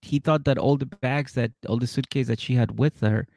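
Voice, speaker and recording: A man's voice: medium pitch, fairly even intonation, a little fast, gravelly, darkish tone, no echo, studio quality. A man co-hosting a podcast, joking through a casual reality-show recap and laughing often. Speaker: podcast co-host.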